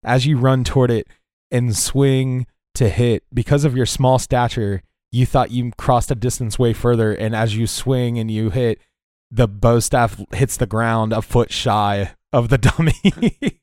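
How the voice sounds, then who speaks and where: Relaxed male game master narrating. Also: mid-range voice, a little slow, no echo, studio quality. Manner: relaxed storytelling with filler words.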